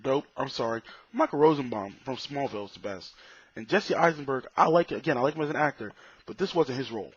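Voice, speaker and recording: A man's voice: medium pitch, animated, fast, breathy edge, dry recording. Blunt, profane man reviewing a film. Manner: blunt, profane and opinionated, with restarts. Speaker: movie reviewer. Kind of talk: casual spoken movie review. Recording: dull, slightly lo-fi dry recording.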